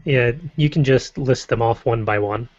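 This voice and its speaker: Relaxed man hosting a podcast. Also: mid-range voice, normal speed, no echo. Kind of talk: casual chat. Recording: dry, muffled lo-fi audio.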